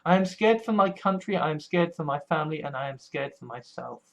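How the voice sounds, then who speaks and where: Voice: mid-range voice, expressive, a little fast, vocal fry, fairly bright tone. A vlogger talking anxiously about the future, swearing often and restarting phrases, scared and distressed. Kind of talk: personal political vlog.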